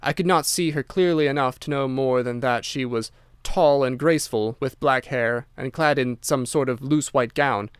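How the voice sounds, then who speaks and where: A male audiobook narrator reading a classic tale in a measured, even storytelling manner. His voice is smooth and resonant at a middle pitch. The recording is close and dry. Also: no echo.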